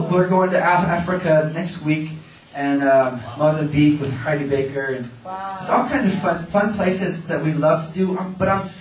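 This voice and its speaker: Giddy high-pitched revival preacher guy, laughing and shouting, echoey hall, kinda far from the mic. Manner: giddy, laughing, bursts into shouts and nonsense chants. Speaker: traveling minister. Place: large hall at a revival event.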